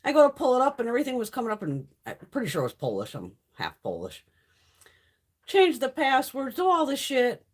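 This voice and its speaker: A woman's voice: high voice, wildly swooping pitch, brisk. A woman hosting a beauty livestream from home, chatting casually in a blunt, profane way while sick. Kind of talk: casual live-stream chat.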